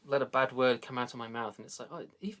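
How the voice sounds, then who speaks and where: Jokey British male host, mid-pitched. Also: level tone, quick pace, fairly bright tone. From Britain. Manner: jokey, rambling, laughs often. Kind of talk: casual chat.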